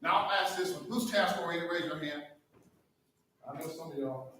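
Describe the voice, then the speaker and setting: Man, district leader, high voice, preacher-like, heard from afar in a very echoey hall. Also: moderate pace, pushed and bright. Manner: preacher-like, fires rhetorical questions at the crowd. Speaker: school district leader addressing staff. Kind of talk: motivational speech to a live audience. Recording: echoey hall from far off with faint noise.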